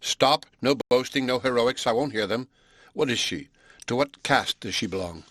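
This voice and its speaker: A man's voice: medium pitch, expressive, normal speed, a bit bright, no echo, natural voice. A man voicing a blunt, proud and sarcastic Englishman in an audiobook, speaking in a brusque, scolding way.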